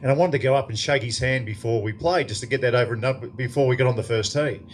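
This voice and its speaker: A man's voice: mid-range voice, quick pace, a little hiss or hum. An Australian man in his fifties telling a profane story as an after-dinner guest speaker in a club function room. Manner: profane, lively anecdote telling to a crowd.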